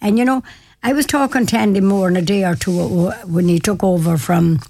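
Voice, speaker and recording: A woman's voice: medium pitch, a little fast. An older woman from the west of Ireland with a Mayo accent, telling a long story in a chatty, rambling way. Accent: Irish, County Mayo. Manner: chatty, warm-hearted, repeats herself, laughs often. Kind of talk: casual storytelling.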